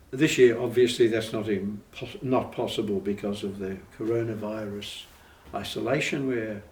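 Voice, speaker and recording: A man who seems to be the parish priest, giving an informal, slightly halting parish announcement. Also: on the low side, a little mellow. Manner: informal, rambling and a little halting. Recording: echoey room, distant mic, faint hum.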